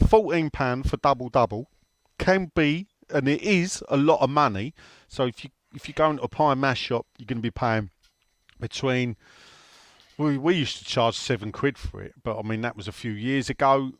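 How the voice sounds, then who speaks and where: A man's voice: mid-range voice, no echo. A man co-hosting a casual football chat, teasing and answering listener questions. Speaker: podcast co-host.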